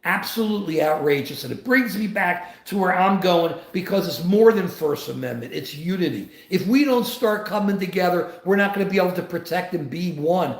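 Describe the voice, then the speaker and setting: Older male host in his 70s, high-pitched and fired up, rambling political talk, echoey room. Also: expressive, normal speed, few pauses. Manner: impassioned, rambling with restarts. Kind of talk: political commentary on a live show. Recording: roomy echo.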